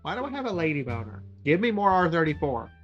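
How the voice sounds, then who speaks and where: A woman streamer reacting to memes in a loose, excitable way, swearing and riffing freely. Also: deep voice, fast talker, lo-fi sound, soft background music. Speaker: VTuber streamer. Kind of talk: meme reaction commentary.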